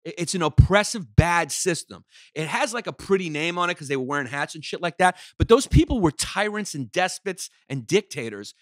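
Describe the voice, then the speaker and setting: A male comedian guest on a podcast, ranting in a loud, profane, mock-outraged way. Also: fairly high pitch, lively intonation, fairly quick, hardly any pauses, no room sound. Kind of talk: profane comic rant.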